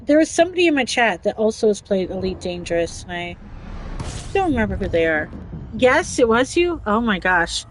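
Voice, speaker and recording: A woman's voice: mid-range voice, very animated, brisk, a little hiss or hum, poor audio. A woman hosting a casual livestream chat, talking chattily, giggling often and reading chat messages aloud. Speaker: livestream host.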